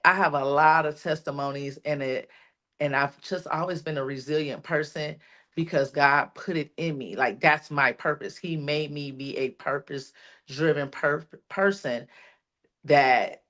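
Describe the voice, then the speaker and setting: A woman's voice: extremely low pitch, fairly bright tone. A woman on a podcast sharing a personal testimony, repeating lines for emphasis like a preacher. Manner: repetitive, preacherly encouragement. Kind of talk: emotional testimony.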